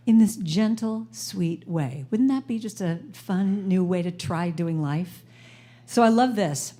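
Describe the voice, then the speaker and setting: A middle-aged woman giving an inspirational talk at a live service, playful and animated, getting the audience to repeat phrases after her. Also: mid-range voice, moderate pace. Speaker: guest speaker and singer-songwriter. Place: live service in a spiritual center.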